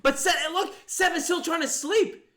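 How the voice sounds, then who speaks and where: Thinking aloud the entire time, a young man narrates the mafia game he's playing live in a bright, very high voice. His excitable delivery alternates between incredulous exclamations and rapid, mumbled logic.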